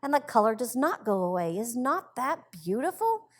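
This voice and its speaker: An eager little girl chirps in a bright, sing-song voice, as a woman reading a storybook aloud puts her on. She sounds earnest and pleased with herself. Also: a little high, big pitch swings, normal speed. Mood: excited.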